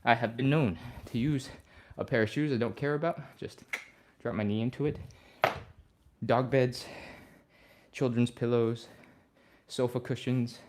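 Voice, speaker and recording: A man leading a live stretching workout as the instructor. He talks through each move in a relaxed, upbeat way and sighs and breathes audibly between cues. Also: medium pitch, unhurried, slight background noise. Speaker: fitness instructor.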